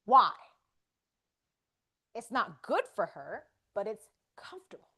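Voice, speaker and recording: Lively woman leading a faith talk. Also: mid-range voice, normal speed, breathy edge. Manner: lively, animated, acts out inner voices. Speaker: wellness session host. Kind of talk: faith-based live talk.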